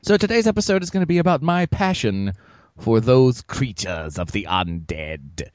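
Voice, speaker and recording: A man's voice: medium pitch, big pitch swings, moderate pace, dry recording. A man co-hosting a podcast, chatting casually and joking as he rambles through the topic. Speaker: podcast co-host.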